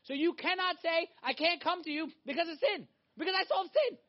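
In this dull, lo-fi recording, a male preacher with a very high voice gives an emphatic, animated sermon at a slightly fast pace. He moves between loud exhortation and hushed, intense passages.

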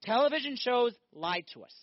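A male priest giving a sermon, animated, firing off rhetorical questions and acting out little scenes. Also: very high-pitched, fairly quick, no echo, dull audio.

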